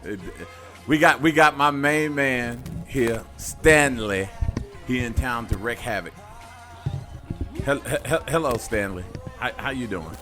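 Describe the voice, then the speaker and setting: A man's voice: medium pitch, a little slow, pushed and bright, faint music behind. A man hosting a talk radio show in a loose, joking, slangy way.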